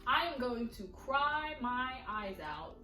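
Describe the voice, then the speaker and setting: A woman excitedly reviewing a manga volume in a casual vlog, retelling scenes with acted-out lines. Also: on the high side, slow. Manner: animated, dramatic retelling with acted-out quotes. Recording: echoey room, slightly distant mic, faint music.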